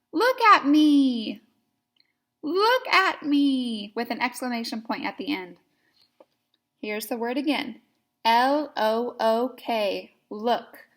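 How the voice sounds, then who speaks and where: Slow, patient female kindergarten teacher. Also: on the high side, a bit bright. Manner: patient, sing-song, spells words letter by letter. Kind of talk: slow, clear teaching to young children.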